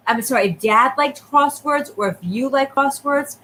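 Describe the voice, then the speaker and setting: A woman giving a live psychic reading, talking quickly and checking in often with the person she reads for. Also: high-pitched, fairly bright tone, a little hiss or hum, rough recording. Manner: rapid, repeatedly checking in with the sitter. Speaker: psychic medium.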